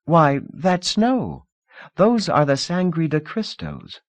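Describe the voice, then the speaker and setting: A man voicing a poised, polite young woman from a wealthy family, speaking in a bright, gracious, curious way in a dry audiobook reading. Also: a little high, big pitch swings, takes it slowly, no echo, voice pushed up.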